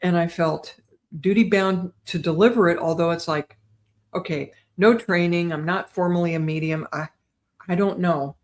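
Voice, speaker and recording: An older woman, a guest on an interview show, chatting in a lively way and often checking in with "right?". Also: lowish voice, moderate pace. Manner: chatty, animated, tags lines with "right?". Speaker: guest psychic medium. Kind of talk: casual storytelling interview.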